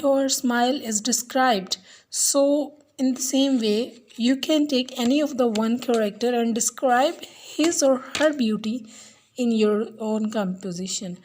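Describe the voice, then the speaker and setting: A woman English teacher giving a recorded lesson, speaking slowly and deliberately and repeating each word for her pupils. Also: a little high, darkish tone.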